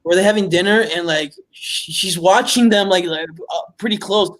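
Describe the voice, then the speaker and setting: A man co-hosting a movie podcast, chatting casually in a rambling, halting way with many fillers. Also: sits high, a bit bright, low-quality recording. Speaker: podcast co-host. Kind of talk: casual chat.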